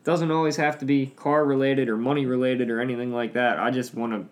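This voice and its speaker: A man's voice: mid-range voice, flat delivery, fast talker. Laid-back man hosting a car podcast. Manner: laid-back, swears casually, trails off with ums. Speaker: podcast host. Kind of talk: casual podcast chat.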